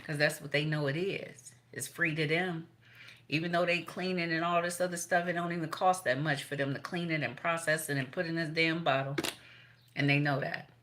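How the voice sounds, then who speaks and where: Brief: low, bright-edged woman giving a profane, chatty tarot reading. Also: fairly even intonation, normal speed, a little hiss or hum. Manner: blunt and profane, laughs between points. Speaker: tarot reader. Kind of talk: casual spiritual reading, profane.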